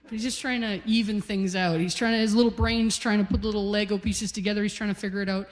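A woman's voice: mid-range voice, fairly even intonation, normal speed, long pauses, in a large hall, a crowd in the background. Wry Canadian woman doing stand-up. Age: 40s. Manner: conversational, wry storytelling delivery. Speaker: stand-up comedian. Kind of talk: stand-up comedy set. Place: comedy club stage.

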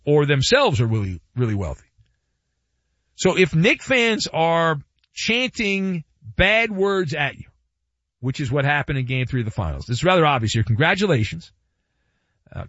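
A man's voice: on the high side, a bit bright, no echo. A man hosting a sports talk radio show, delivering a playful, wry monologue full of asides and repetition. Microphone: studio microphone. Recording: dry, slightly dull radio studio sound.

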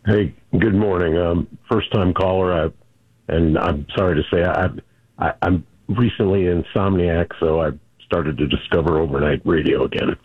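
A man's voice: sits low, normal speed, breathy edge, no echo. A man calling into a radio show, hesitant and full of fillers, then argumentative. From Chicago area. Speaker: caller. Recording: muffled phone line.

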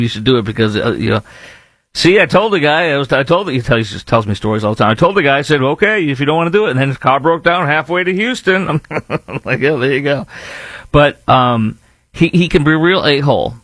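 A man's voice: mid-range voice, a bit bright, dry recording. A man with a Texan accent hosting a talk show, rambling through casual commentary with frequent restarts and fillers. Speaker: show host.

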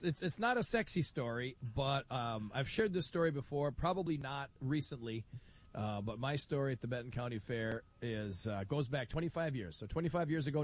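A middle-aged man hosting a live radio talk show, telling stories in a lively way and acting out other people's voices. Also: on the high side. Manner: animated storyteller, acts out voices. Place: outdoor broadcast booth at a county fair.

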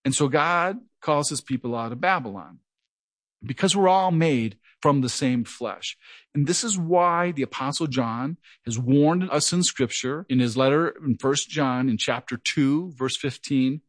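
A middle-aged man serving as pastor preaches a verse-by-verse Bible teaching, a little slowly and at medium pitch, with earnest liveliness. He admits to stuttering and occasionally repeating words. There's no room sound.

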